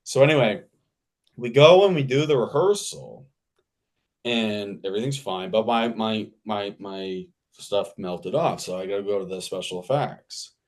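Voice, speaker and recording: Animated man telling a story. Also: fairly low pitch, unhurried. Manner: animated, repetitive, laughing mid-sentence. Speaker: actor guest. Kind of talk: casual anecdote storytelling.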